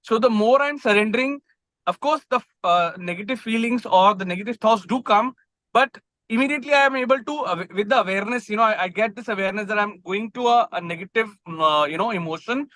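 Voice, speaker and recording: A man's voice: high-pitched, brisk, pushed and bright, no echo, low-quality recording. Hesitant man sharing on a call. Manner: hesitant, many fillers and restarts. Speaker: participant on the call. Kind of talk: casual sharing on a group call. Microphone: video call.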